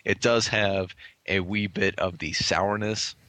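A man co-hosting a podcast, chatting casually about beers he is tasting, with a relaxed, swearing manner full of restarts. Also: deep voice, takes it slowly, no echo. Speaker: podcast co-host. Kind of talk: casual beer-tasting chat.

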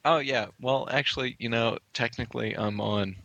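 A man co-hosting a podcast, chatting casually about beers he is tasting, with a relaxed, swearing manner full of restarts. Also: medium pitch, moderate pace, creaky, no echo, lo-fi sound. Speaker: podcast co-host. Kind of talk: casual beer-tasting chat.

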